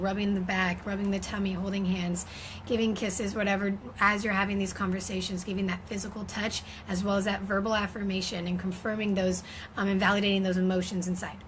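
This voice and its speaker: A woman's voice: mid-range voice, slight background noise, low-quality recording. A woman giving an informal teaching talk on parenting, speaking conversationally with frequent fillers and restarts.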